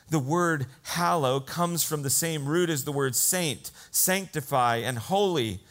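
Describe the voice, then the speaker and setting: A man preaching a sermon, slow and earnest, rising in emphasis on key phrases. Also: a little high, a bit bright. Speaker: pastor.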